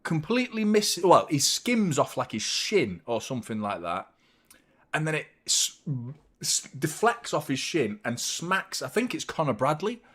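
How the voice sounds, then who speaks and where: A man hosting a live football watchalong, chatting casually with animated, sweary banter. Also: on the high side, a little slow, husky. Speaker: host of a football fan watchalong.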